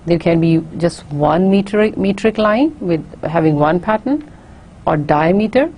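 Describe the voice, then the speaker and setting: A woman giving a recorded university lecture, explaining carefully and often pausing on fillers and restarts. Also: fairly low pitch, expressive, warm tone.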